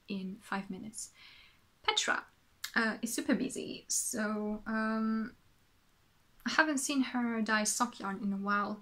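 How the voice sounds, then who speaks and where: A woman's voice: mid-range voice, fairly bright tone. A woman from France with a French accent, chatting casually as a podcast host, rambling and correcting herself as she goes. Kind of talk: casual show-and-tell chat.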